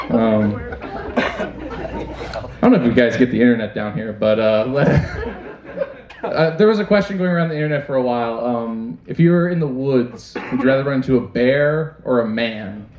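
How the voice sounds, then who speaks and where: Crude young stand-up comic in a roomy club. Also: male voice, mid-range voice, lively intonation, unhurried, pauses often, a little mellow. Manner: crude, self-deprecating, conversational with asides to the crowd. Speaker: stand-up comedian. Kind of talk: stand-up comedy set. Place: comedy club stage. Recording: roomy, dull club recording. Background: audience laughter.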